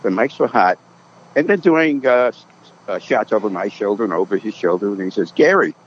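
A man's voice: fairly low pitch, lively intonation, a little fast, a little hiss or hum. An older man from Massachusetts telling anecdotes as a podcast guest, acting out the people in his stories. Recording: dull lo-fi sound.

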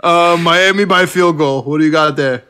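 A young man chatting casually about sports picks. His voice is high and bright for a man. He talks in loose, rambling runs full of fillers and laughs often. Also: normal speed, clear, resonant tone. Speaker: podcast co-host.

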